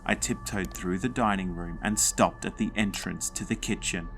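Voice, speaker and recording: A man's voice: sits low, moderate pace, vocal fry, a bit bright, soft background music. A man narrating a spooky children's story with dramatic suspense.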